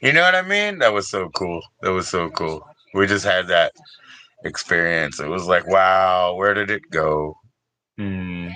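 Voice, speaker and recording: This is a deep, expressive male voice with a sharp tone, moving at normal speed. He's an older man from the Washington DC area hosting a relaxed livestream, wandering through chat as he calls out viewers' names and talks with them.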